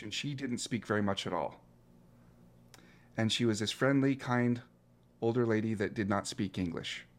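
Earnest man, coaching guest. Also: lowish voice. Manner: earnest, reflective, with frequent restarts. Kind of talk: interview guest telling a story.

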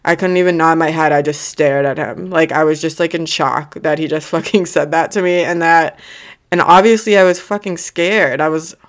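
A woman's voice: low-pitched, fairly even intonation, moderate pace. A young woman hosting a podcast, telling a personal story in a blunt, casual way, swearing freely and laughing through the hard parts. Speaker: podcast host.

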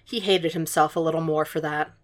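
A woman reading fan fiction aloud in a calm, measured audiobook narration. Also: low-pitched. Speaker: podfic reader.

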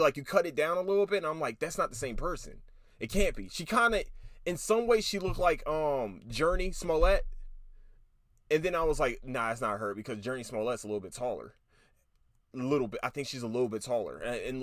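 A man hosting a casual solo podcast, his voice riding high and swinging widely in pitch as he rambles. He swears freely and restarts his thoughts often. The recording is dry and close. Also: no room sound. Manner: animated, profane, rambling with restarts. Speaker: podcast host.

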